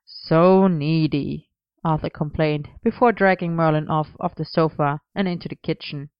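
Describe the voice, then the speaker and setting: Female audiobook reader, smooth and lowish, even and unhurried; dry, slightly dull recording. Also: no echo. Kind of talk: storybook narration.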